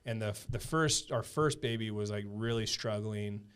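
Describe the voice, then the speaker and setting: A man in his thirties with a fairly low voice, talking as a podcast guest. He tells his story casually and earnestly, stopping and restarting often, with plenty of fillers along the way. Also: clean tone. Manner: halting, filler-heavy, earnest.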